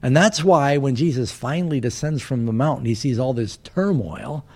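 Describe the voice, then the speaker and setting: Gravelly-voiced male preacher telling a story. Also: medium pitch, normal speed, darkish tone. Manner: storytelling, voicing biblical characters with varied emphasis. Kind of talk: sermon.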